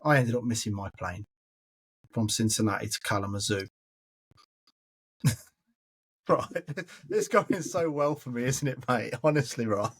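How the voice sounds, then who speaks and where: A man's voice: mid-range voice, measured pace, long pauses, slightly rough. An Englishman hosting a podcast, chattily telling stories and calling his listener mate. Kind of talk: casual storytelling chat.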